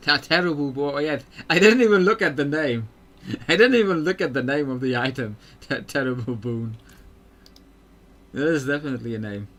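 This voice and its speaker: A man's voice: fairly high pitch, animated, a little fast, fairly bright tone. A man streaming a game, rambling through casual commentary and laughing often.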